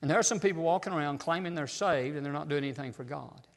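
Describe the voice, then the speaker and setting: A man preaching a fiery sermon in a church, shouting some phrases and dropping to near-whispers on others. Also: on the high side, fast talker. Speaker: pastor. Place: church sanctuary. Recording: long hall reverb.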